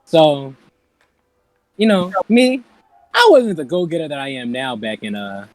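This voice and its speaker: A young man co-hosting a podcast, telling stories in an animated, laughing way. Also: on the high side, a little slow, no echo, faint music behind, low-quality recording. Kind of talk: casual chat.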